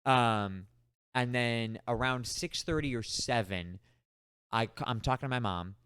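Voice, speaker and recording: A man in his twenties co-hosting a podcast, telling a story in an animated, exasperated casual chat. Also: medium pitch, unhurried, clear, resonant tone, no room sound, clean studio sound. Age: 20s. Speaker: podcast co-host.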